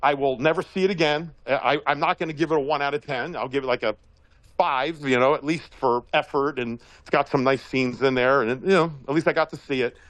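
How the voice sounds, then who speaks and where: A man giving a casual, rambling commentary monologue as a regular guest, telling stories in an animated way and laughing often. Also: medium pitch, brisk, dry recording, rough recording.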